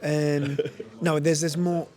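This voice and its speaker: A man's voice: fairly high pitch, little pitch movement, slow pace, mellow. A man in his fifties, a lead actor chatting casually in an interview, rambling and full of "you know" and laughter. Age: 50s. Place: busy event venue at a screening.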